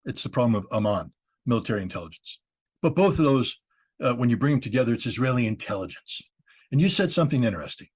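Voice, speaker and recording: A man's voice: medium pitch, big pitch swings, quick pace, husky. A man speaking as a guest in a discussion, emphatic and explaining, sometimes restarting his sentences.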